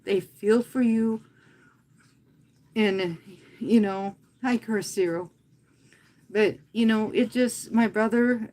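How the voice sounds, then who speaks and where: On a casual livestream, a fitness instructor who hosts the stream talks in an earnest, heartfelt way. Her mid-range voice has fairly even intonation, and she speaks softly and slowly, pausing often.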